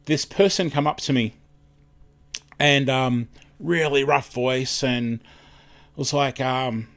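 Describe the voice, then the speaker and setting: A man's voice: mid-range voice, fairly even intonation, takes it slowly, creaky, fairly bright tone. An Australian man hosting a live stream in casual chat, rambling, self-deprecating and tripping over his words.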